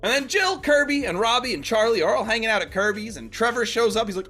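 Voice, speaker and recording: A high-pitched man with a bright, ringing voice recaps a movie for a podcast. He talks with a lot of swing in his pitch and tosses in sarcastic asides. Faint music plays underneath. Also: lively intonation, fast talker. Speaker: podcast co-host recapping a film. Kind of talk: casual podcast chat.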